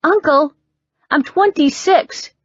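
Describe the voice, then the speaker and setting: Woman narrator as a young woman, high, loud, at her wits' end. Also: slow, no room sound, highs cut off. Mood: exasperated. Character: exasperated tattooed young witch, woman.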